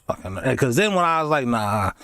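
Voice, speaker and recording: A man's voice: mid-range voice, animated, moderate pace, a bit bright. A man hosting a reaction video, talking candidly in a rambling way and laughing often. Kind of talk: casual reaction commentary.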